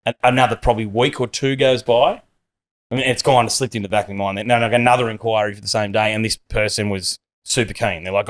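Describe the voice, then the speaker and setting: A man's voice: lowish voice, fairly even intonation, fast. A man, a podcast host telling rambling anecdotes in casual chat and acting out the people in them.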